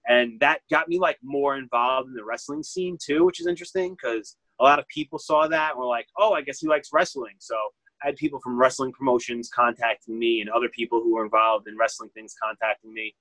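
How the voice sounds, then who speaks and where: A man's voice: mid-range voice, animated, brisk, few pauses, pushed and bright, no echo, poor audio. Chatty man. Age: 30s. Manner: rambling, heavy use of "like", acts out quotes. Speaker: vintage clothing store owner. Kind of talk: casual interview storytelling.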